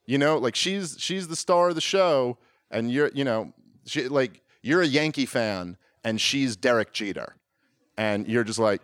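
A stand-up comic in his thirties rambles through a self-deprecating set, often restarting sentences and acting out little exchanges. His medium-pitched voice is animated, fairly bright and a little slow, captured at studio quality with no room sound.

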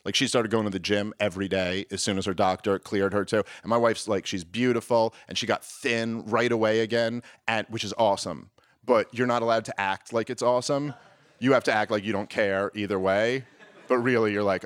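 A man's voice: fairly low pitch, steady tone, a little fast, no echo. A man in his thirties doing a stand-up comedy set, rambling and self-deprecating, often restarting his sentences and acting out little exchanges.

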